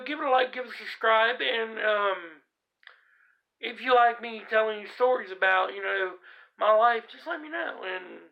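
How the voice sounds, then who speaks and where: A man's voice: high voice, creaky. A man vlogging, telling a personal story in a rambling, laid-back way with many fillers. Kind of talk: casual storytelling to camera. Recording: dull lo-fi recording.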